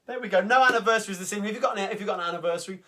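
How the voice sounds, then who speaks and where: A man's voice: sits high, rapid-fire, pushed and bright. A man with a London Cockney accent hosting a live sing-along, chatting casually and rambling with lots of ums between songs. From England.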